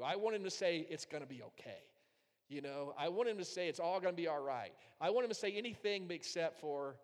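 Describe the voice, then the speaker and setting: Guy preaching, kinda high voice, big reverby hall, goes loud then real soft. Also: lively intonation, brisk. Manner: storytelling, swinging from loud to hushed. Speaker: pastor. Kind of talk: sermon.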